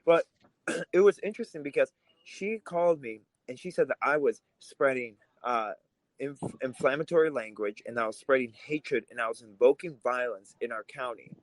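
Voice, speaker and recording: A man's voice: medium pitch, animated, normal speed, no echo, poor audio. A man who grew up in Russia, co-hosting a political podcast, talking in a heated, emphatic way. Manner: fired up, emphatic, swears when angry. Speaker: podcast co-host.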